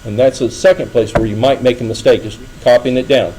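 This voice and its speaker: A man's voice: medium pitch, fairly even intonation, a little fast, noisy background. A middle-aged man giving a classroom lecture, talking casually and checking in with the students often. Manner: conversational, asks students frequent checking questions. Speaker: engineering lecturer.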